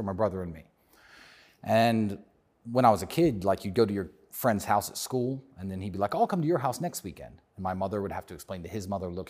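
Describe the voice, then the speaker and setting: A man's voice: fairly low pitch, a little mellow, slightly rough. A man with a British accent answering interview questions in an emphatic conversational way, often repeating phrases for stress. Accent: British English. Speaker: interview guest.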